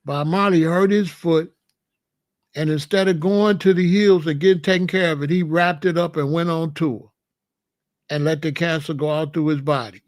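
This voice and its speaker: Confrontational man with a high voice. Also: steady tone, moderate pace, no room sound, studio quality. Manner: confrontational, repeats questions, preachy. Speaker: host answering a viewer. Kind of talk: live-stream commentary.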